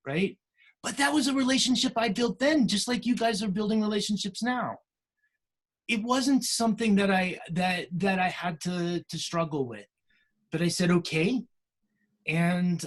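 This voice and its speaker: A middle-aged American man telling students about his career in a casual way, with many pauses and restarts. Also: a little high. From United States. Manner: many fillers and restarts, storytelling. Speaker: career day speaker.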